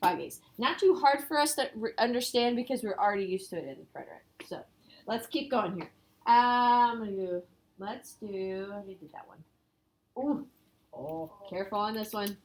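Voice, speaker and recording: A Spanish teacher with a medium-pitched, animated voice runs a casual review lesson at normal speed. She explains things step by step and quizzes her students along the way.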